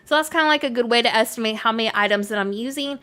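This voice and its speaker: A woman from Canada talks casually on a live stream with a slightly high voice, her Canadian accent blending with a Southern American twang. She answers her chat in a chatty, easygoing flow, full of "like" fillers. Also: rapid-fire, sharp tone, clear, resonant tone. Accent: Canadian mixed with American Southern. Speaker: game streamer.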